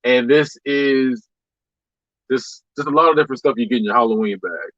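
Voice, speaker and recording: A man's voice: mid-range voice, moderate pace, fairly bright tone, no room sound, muffled recording. A man hosting a casual podcast, loose and joking, laughing often. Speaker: podcast host.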